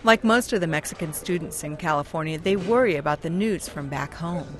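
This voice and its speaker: A woman reporting as a radio news correspondent in a measured, scripted narration. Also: deep voice, crowd noise.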